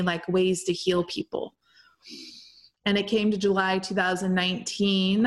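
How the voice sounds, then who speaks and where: A woman telling her own story in a casual, animated way, talking with lots of "like" and some swearing. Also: mid-range voice. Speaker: spiritual coach.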